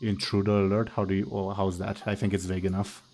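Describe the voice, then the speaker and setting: A man narrating a tabletop game as game master, explaining rules step by step in a measured way. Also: deep voice, flat delivery, darkish tone.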